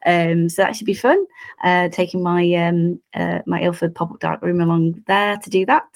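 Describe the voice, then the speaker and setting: A woman with a croaky voice, chatting casually as a photographer full of ums. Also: fairly low pitch, steady tone, moderate pace. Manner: lots of ums, rambling. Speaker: podcast guest photographer. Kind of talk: casual chat.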